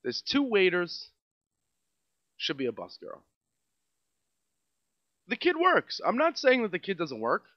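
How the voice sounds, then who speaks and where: A man with a New York accent doing a comedic rant as a podcast host, sarcastic and mocking, his voice swinging between loud outbursts and mutters. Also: high-pitched, huge pitch swings, unhurried, pauses often, no echo, muffled recording. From Staten Island, New York.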